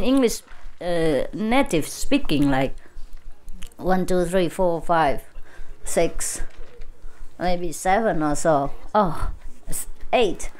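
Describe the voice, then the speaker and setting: A woman with a Vietnamese accent, speaking English in a playful, teasing way to a live audience and laughing often between phrases. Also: fairly low pitch. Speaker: spiritual teacher speaking to a gathering. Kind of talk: casual talk to a live audience.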